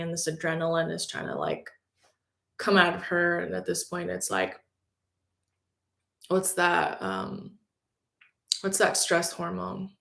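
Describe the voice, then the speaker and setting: A woman speaks in a mid-range voice, telling a personal story for a faith-based motivational talk. She is animated, often says "like", and acts out the voices of the people she describes. The room adds a noticeable echo. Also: medium pitch. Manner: animated, acts out quotes, frequent "like". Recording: roomy echo.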